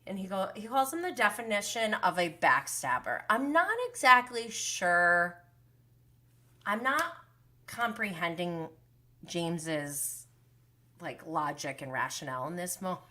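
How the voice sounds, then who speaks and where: A woman with a bright, forceful voice chats through a casual livestream recap. She is gossipy and talkative, often swearing and laughing between her remarks. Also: on the low side, big pitch swings, a little slow. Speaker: show recap host.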